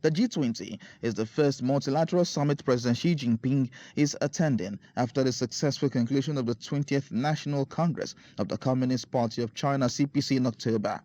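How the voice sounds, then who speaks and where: A man reading a scripted news report voice-over in a steady, formal way. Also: medium pitch, brisk, few pauses. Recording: dry, slightly dull studio voice-over.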